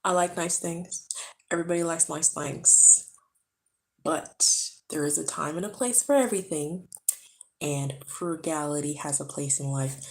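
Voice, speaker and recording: A tired woman vlogging from home, chatting to the camera in a hushed, low voice so she does not wake a sleeping baby. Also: a little slow, poor audio. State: tired from being awake too long. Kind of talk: casual chat to camera. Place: home, indoors. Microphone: camera close up.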